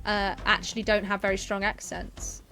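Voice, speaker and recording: A young woman streamer and game master chats casually with her live chat, rambling a bit and laughing quickly. Her medium-pitched voice comes across flat.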